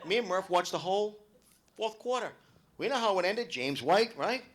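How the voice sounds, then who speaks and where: A middle-aged man doing loud, animated, swearing stand-up storytelling at a club show. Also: sits high, moderate pace, a little hiss or hum. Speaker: stand-up comedian. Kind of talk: live stand-up comedy. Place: club event hall with live audience.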